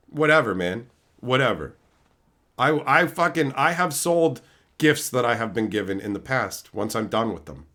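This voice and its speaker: Man, livestream host, blunt, constant swearing, somewhat high voice, pitch swinging widely. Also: a bit bright. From America. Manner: blunt, swears constantly, acts out both sides of arguments. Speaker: livestream host answering chat. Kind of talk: casual profane livestream rant.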